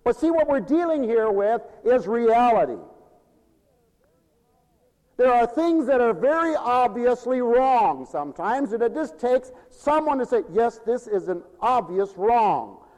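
Animated preacher man in a reverberant hall. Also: measured pace. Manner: animated preaching, swinging from loud declaiming to low murmurs, chuckling. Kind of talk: sermon.

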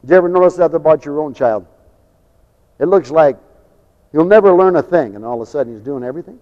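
A middle-aged man preaching a fiery sermon, swinging from loud shouts to quiet joking asides. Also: fairly high pitch, animated, fast, long reverb tail, highs cut off. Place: large church hall.

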